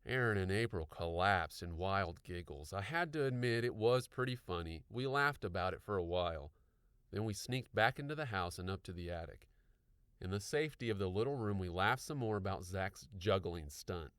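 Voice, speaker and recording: Guy reading a kids book, low voice, super animated, dry close sound. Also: normal speed, clear, resonant tone, no room sound. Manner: expressive storytelling. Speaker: audiobook narrator. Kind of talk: audiobook narration.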